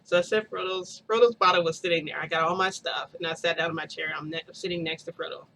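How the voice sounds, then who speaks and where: A woman chats through a story in a relaxed, meandering way, full of fillers and little laughs. Her voice is bright and pushes forward, and a faint hiss sits under the recording. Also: fairly low pitch, fast talker, creaky, poor audio. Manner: rambling, laughs often, many fillers. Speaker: vlogger. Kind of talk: casual storytelling.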